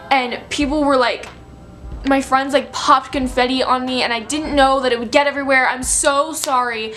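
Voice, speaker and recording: A woman's voice: high-pitched, fairly even intonation, normal speed, bright, forceful tone, soft background music. A young woman in her late teens telling a storytime vlog in a chatty, filler-heavy, breathless way. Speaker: vlogger.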